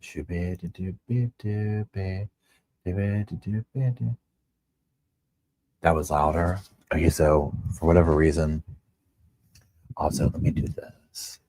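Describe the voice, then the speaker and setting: A man hosting a casual livestream, chatting to viewers in a quiet, hushed voice at home on a wireless microphone. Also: extremely low pitch, level tone, moderate pace, pauses often, no echo. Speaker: livestream host. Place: at home with neighbors next door.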